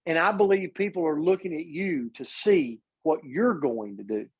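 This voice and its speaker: A man's voice: on the high side, lively intonation, normal speed, breathy edge. Rallying man on a dull call. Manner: rallying, asks questions of listeners. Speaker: host of a business call. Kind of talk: motivational call hosting. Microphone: video call.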